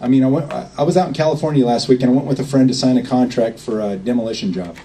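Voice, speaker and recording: A man speaks to a small gathering in a loose, folksy way and keeps asking if everyone follows. His voice is dark and mellow. He sits well back from the microphone. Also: medium pitch, rapid-fire, recorded from a distance, slight background noise, low-quality recording. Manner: rambling, folksy, checks in with "okay?". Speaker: speaker at a meeting. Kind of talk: informal talk to a small group.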